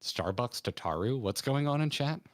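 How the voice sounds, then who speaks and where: A man's voice: mid-range voice, expressive, moderate pace. A man hosting a casual podcast, chatty and prone to restarting his sentences. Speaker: podcast host.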